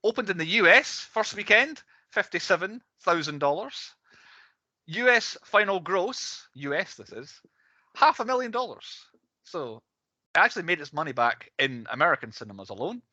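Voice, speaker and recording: A man's voice: high-pitched, expressive, normal speed, bright, forceful tone, no room sound, highs cut off. A man in his late thirties co-hosting a casual film podcast, running through facts with hedging asides and chuckles. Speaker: podcast co-host presenting the film's cast.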